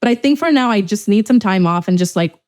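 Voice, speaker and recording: A young woman hosting a podcast in casual chat, talking fast and loose, swearing freely and acting out what others said. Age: young adult. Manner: animated, swears freely, acts out quoted people in a higher voice. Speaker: podcast host.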